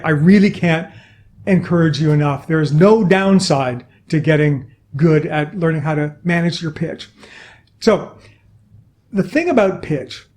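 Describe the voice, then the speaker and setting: A middle-aged man teaching how to use the voice, in a fairly high register. He talks with energy and shows each point by playing with his own voice. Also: a little mellow. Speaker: communication trainer. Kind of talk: instructional talk to camera.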